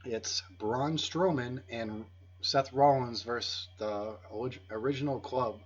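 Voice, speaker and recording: A man's voice: medium pitch, unhurried, breathy edge. A man hosting a casual wrestling podcast, teasing his co-hosts as he runs the rankings. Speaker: podcast host. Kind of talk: casual chat. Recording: dull lo-fi podcast audio.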